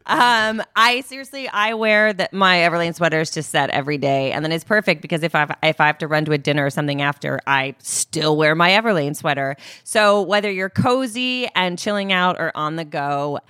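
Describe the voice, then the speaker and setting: A woman's voice: deep voice, brisk, hardly any pauses, pushed and bright, smooth, no echo. Brief: woman co-host, casual ad read, dry studio. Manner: breezy, bantering. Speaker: podcast co-host.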